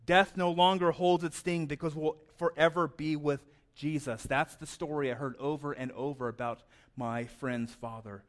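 A man's voice: fairly high pitch, steady tone, moderate pace. A man preaching a sermon in a conversational way, often stammering and repeating words. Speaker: pastor.

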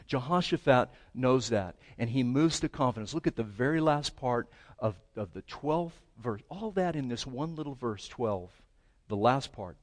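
A man. His sermon is animated and conversational. He keeps tossing questions to the congregation and acts out the prayers he talks about. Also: a little high, normal speed. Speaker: pastor.

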